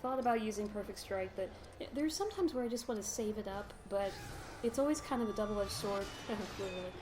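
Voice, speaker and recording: A woman's voice: mid-range voice, animated, brisk. Woman, let's play commentary, sarcastic, rambling, laughs often, noisy home recording. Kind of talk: casual gameplay commentary.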